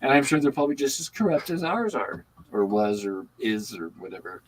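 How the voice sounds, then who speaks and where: A man's voice: mid-range voice, brisk, slightly rough, low-quality recording. Older man telling stories casually. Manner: animated storytelling. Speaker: livestream host. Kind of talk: casual chat.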